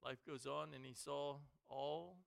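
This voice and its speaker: A man preaching a sermon in a church on a headset mic, dramatic, swinging from quiet lows to shouted highs. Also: steady tone, a little slow, vocal fry, no room sound.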